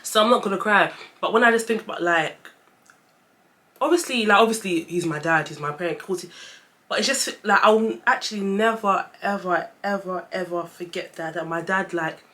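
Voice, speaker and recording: A woman's voice: medium pitch, moderate pace, pushed and bright. A young woman telling a personal story in a casual vlog, chatty and close to tears at times. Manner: chatty, emotional, fighting back tears. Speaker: vlogger.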